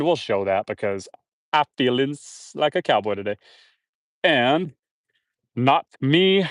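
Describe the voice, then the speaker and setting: Out watering trees on his homestead, a man rambles on a live stream to viewers and animals alike. He speaks at a measured pace in a mid-range voice with lively intonation, pausing often. The recording is dry and clean, like a studio.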